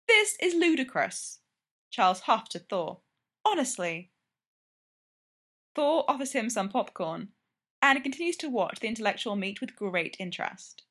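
A woman reads a long story aloud, her voice sitting at a middle pitch. She narrates steadily and evenly, keeping an unhurried storytelling pace. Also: fairly bright tone. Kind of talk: reading fan fiction aloud.

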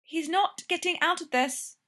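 A woman reading the lines of a cool, commanding female spy, calm and clipped. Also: extremely high pitch, measured pace, pitched above the performer's own voice, exaggerated voice.

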